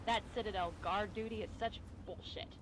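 A woman's voice: mid-range voice, fairly even intonation, a little fast, a crowd in the background, natural voice. An actress playing an impatient young female soldier in a video game, talking in a restless, complaining way. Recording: game audio over noisy background.

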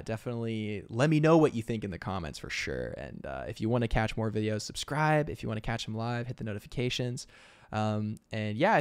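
A man's voice: fairly low pitch, clean tone, dry recording. A man chatting casually on an art livestream, upbeat and chatty, laughing often. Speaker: concept artist streamer.

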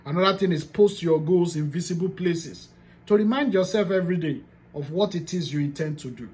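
A woman's voice: on the low side, a little fast, darkish tone. A woman with a Nigerian accent giving a motivational coaching talk. She talks emphatically, repeats key phrases and slips into pidgin. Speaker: business coach.

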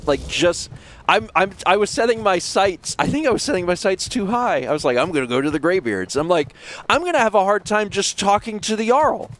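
Excitable, high-voiced male streamer. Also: brisk, a little hiss or hum. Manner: excitable, yelps and laughs, rambles. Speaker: game streamer. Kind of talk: live gameplay commentary.

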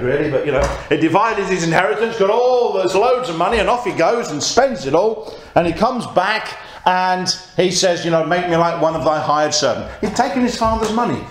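A man preaching a conversational sermon and reading scripture aloud. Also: high voice. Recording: echoey church room.

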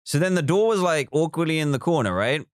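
A man's voice: on the high side, expressive, a little fast, no room sound, clean studio sound. A man live streaming a building game, chatting casually, reading viewer comments aloud and counting blocks as he works.

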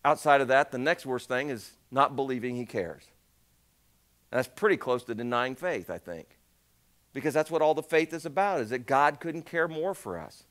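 A male pastor preaching a conversational sermon, swinging between shouts and hushed asides. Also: medium pitch, lively intonation, moderate pace.

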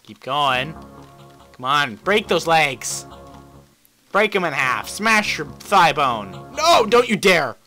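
A young man commentating his own gameplay, swinging between mutters and frustrated yells, swearing at the game. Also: fairly high pitch, big pitch swings, takes it slowly, faint music behind. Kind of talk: let's play commentary.

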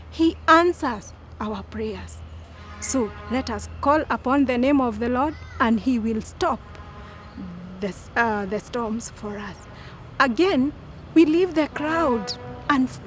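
A woman giving a children's sermon as a Sunday school teacher, slow and emphatic, repeating lines for the children to echo. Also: fairly high pitch, a little hiss or hum.

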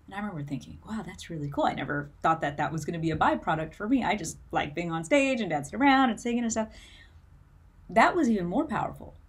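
A woman's voice: medium pitch, lively intonation, fast, breathy edge. A woman music career coach talking to camera in an earnest, emotional way, tearful at times and full of "like" fillers. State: tearful, near crying. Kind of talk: motivational talk to camera.

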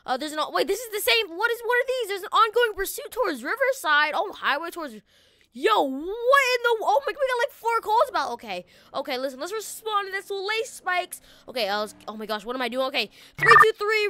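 Brief: woman game commentator, very high and bright, excitable, lots of exclamations. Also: no room sound. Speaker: gaming video host. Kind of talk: excitable let's-play commentary.

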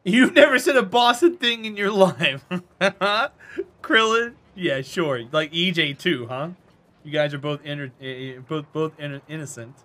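A man's voice: a little high, animated, moderate pace, sharp tone. A man with a North Carolina Southern accent, chatting and teasing viewers playfully while live-streaming a game. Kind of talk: live-streamed gameplay chat.

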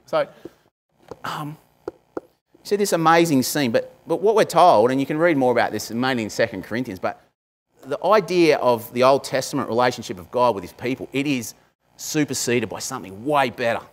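A man's voice: medium pitch, animated, fairly quick. A man, a pastor, giving a conversational sermon, with frequent asides to the congregation.

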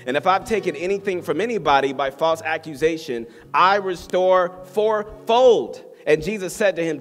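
Fervent preacher man in a reverberant hall. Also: on the high side. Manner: fervent, exhorting. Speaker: pastor. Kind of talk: sermon. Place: church hall with live congregation. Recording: long hall reverb, soft guitar behind.

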